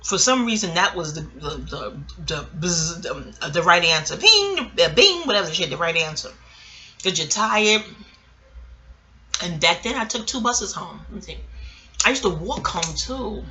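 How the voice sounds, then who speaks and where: A woman's voice: on the low side, expressive, unhurried, bright, forceful tone. A middle-aged woman from New York with a New York accent, telling a personal memoir story in a candid, rambling and profane way. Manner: candid, rambling, profane, chuckles as she talks. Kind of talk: casual storytelling to camera.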